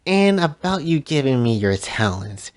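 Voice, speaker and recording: A man's voice: mid-range voice, very animated, unhurried. A man voicing a scheming female villain who craves despair, speaking in a smug, commanding way in a casual retelling of a story.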